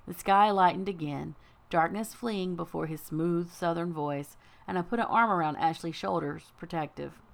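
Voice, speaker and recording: A woman's voice: lowish voice, normal speed, vocal fry. Dry-voiced woman narrating an audiobook. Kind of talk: first-person fantasy audiobook narration.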